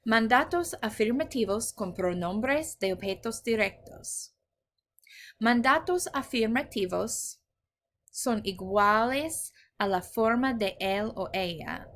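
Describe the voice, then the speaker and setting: A woman's voice: on the high side, expressive, a little slow, fairly bright tone, a little hiss or hum. Patient woman teaching Spanish. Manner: patient, explains step by step, switches between English and Spanish. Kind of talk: recorded grammar lesson.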